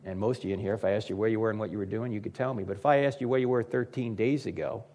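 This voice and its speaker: Here a man in his fifties talks very fast in a lowish voice. He's a public speaker giving a humorous address to a live audience, chatting with the crowd and playing out the voices of characters in his stories with lively energy.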